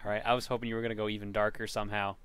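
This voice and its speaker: A man co-hosting a podcast, chatting casually about games in a quick, matter-of-fact, teasing way. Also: fairly low pitch, flat delivery, crowd noise. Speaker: podcast co-host. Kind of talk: casual game chat.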